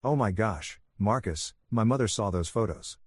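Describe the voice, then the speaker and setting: A man's voice: on the low side, expressive, normal speed, slightly rough, no echo, clean studio sound. A man voicing a distraught young husband who pleads and accuses over the phone. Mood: angry. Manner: pleading, raised.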